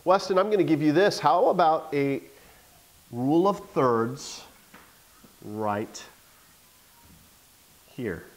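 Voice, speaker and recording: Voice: mid-range voice, takes it slowly, pauses often, poor audio. A teacher giving a classroom lesson, coaxing the students with question after question.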